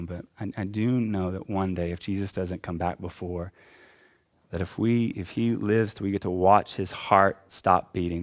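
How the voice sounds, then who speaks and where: A young adult man preaching a sermon in a church, impassioned and building in waves, then easing into casual, chatty asides. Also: sits low. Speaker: pastor. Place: church auditorium.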